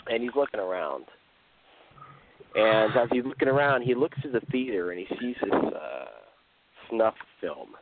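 A man's voice: mid-range voice, big pitch swings, moderate pace, background noise. A man casually telling a spooky story on a podcast, rambling and correcting himself as he goes. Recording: tinny phone-like sound.

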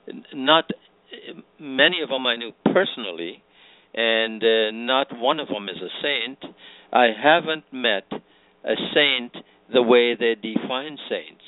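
An older man from Guyana, a guest author, telling anecdotes with gentle humor in casual conversation. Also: medium pitch, no room sound. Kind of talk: casual chat. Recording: dry, tinny phone line.

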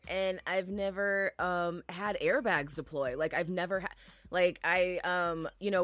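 A woman in her thirties with a low voice talks on a podcast, retelling events at a measured pace and filling pauses with "like" and "um". The sound is dry and close, with no room around it. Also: a bit bright, dry recording. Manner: measured retelling with many fillers. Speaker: podcast co-host. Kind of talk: casual podcast chat.

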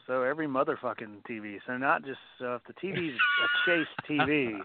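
Male co-host, dry self-deprecating chat, animated pitch, phone-thin sound. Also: brisk, very noisy. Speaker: podcast co-host. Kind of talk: casual chat. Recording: tinny phone-like line, dry.

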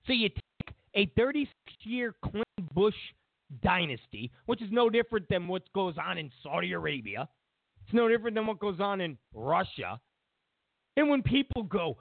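A man hosting a political talk show, his high voice gravelly and swinging widely in pitch as he hammers home points in repeated lists with sarcastic asides. He speaks slowly and deliberately. The sound is tinny and phone-like. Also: very animated, no room sound. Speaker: political commentary host. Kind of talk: opinionated political monologue.

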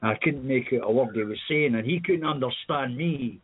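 Scottish male caller, rambling storyteller, mid-pitched, heard over a tinny phone line. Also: moderate pace, breathy edge. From Scotland. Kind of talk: casual phone chat.

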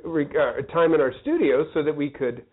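A man's voice: on the high side, brisk, a crowd in the background. A man co-hosting a casual chat show in a small studio, rambling and flustered with many restarts. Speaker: co-host. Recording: tinny phone-like sound.

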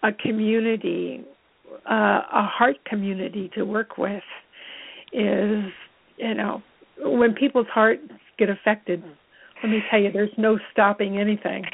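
Woman host, husky voice, encouraging, dry narrow phone sound. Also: mid-range voice, fairly even intonation, measured pace. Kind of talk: casual interview chat.

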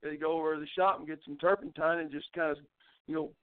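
Older man, high-pitched, rambling folksy storyteller, tinny phone-line sound. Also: steady tone, fast talker, smooth, dry recording. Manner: rambling folksy storyteller, frequent restarts, laughs at his own tales. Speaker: interview guest, former baseball pitcher. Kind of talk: storytelling in a casual interview.

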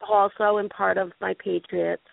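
Brief: sniffly woman host with a cold, gravelly edge, animated and rambling, tinny phone-line sound. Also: mid-range voice, moderate pace, dry recording. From New England. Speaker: show host. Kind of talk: casual chat on internet radio.

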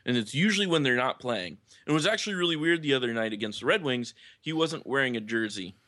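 A man on a casual sports podcast who winds through long anecdotes, stacking "you know" between his thoughts. His pitch sits right in the middle, and the sound is dry and close, with no room echo. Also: lively intonation, fast talker, bright, forceful tone. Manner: rambling storyteller, many "you know" fillers. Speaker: podcast co-host or guest.

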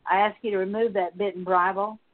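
A woman's voice: medium pitch, fast talker. Woman leading a confession prayer, tinny. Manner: steady repeated litany of petitions. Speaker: prayer minister. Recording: tinny phone-like sound.

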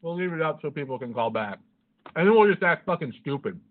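A man's voice: fairly high pitch, expressive, quick pace. A man co-hosting a podcast, telling a rambling story in a casual chat, swearing constantly and laughing at his own jokes. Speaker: podcast co-host. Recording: phone-like lo-fi audio.

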